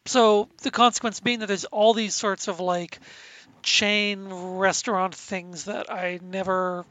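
Bright-voiced Canadian woman chatting. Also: mid-range voice, fairly even intonation, takes it slowly, low-quality recording. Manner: rambling, lots of restarts and fillers. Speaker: podcast co-host. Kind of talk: casual chat, storytelling.

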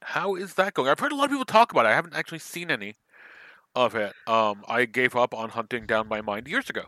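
A man's voice: mid-range voice, animated, fast talker, bright, forceful tone, no room sound. A man co-hosting a casual chat, wry and dry-humored. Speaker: podcast co-host.

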